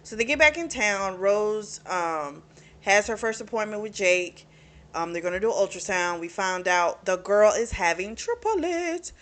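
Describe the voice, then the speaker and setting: A woman talks through a novel's plot in a loose, chatty recap. She laughs often, leans on "you know" and "like", and drops into quick voiced lines for the characters. Her pitch sits in the middle of the usual range. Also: animated, a bit bright. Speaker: book reviewer.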